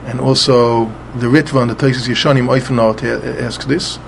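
A man's voice: medium pitch, steady tone, moderate pace, creaky, a little hiss or hum. A man teaching a Talmud passage, methodically spelling out letters and often repeating words as he explains. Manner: spells out Hebrew letters and vowels with Ashkenazi pronunciation.

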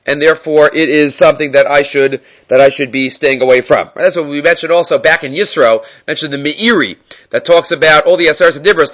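Animated man teaching a Torah class. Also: fairly high pitch. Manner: mixes Hebrew and Yiddish terms into casual English teaching; animated, rising emphasis on key points. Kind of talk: daily Torah class on the mitzvot.

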